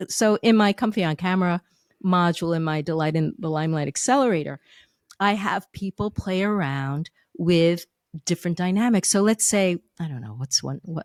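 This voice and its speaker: A woman's voice: lowish voice, normal speed, a little mellow, no echo, studio quality. A woman speaking as a public speaking coach on a podcast, playful and demonstrative. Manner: playful, demonstrative, acts out examples. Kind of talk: podcast interview guest.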